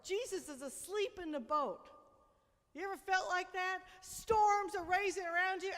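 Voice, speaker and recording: A woman minister preaching a sermon in a church, emphatic and conversational, often dropping to a quiet, intimate tone. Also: very high-pitched. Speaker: senior minister. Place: church sanctuary. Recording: long reverb of a large church.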